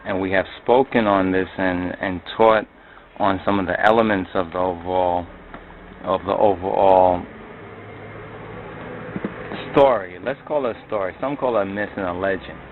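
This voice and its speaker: A man's voice: sits low, normal speed, pauses often. A man giving a loose, spoken lecture on religious history, often repeating and restarting his phrases. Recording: tinny phone-like audio with faint noise.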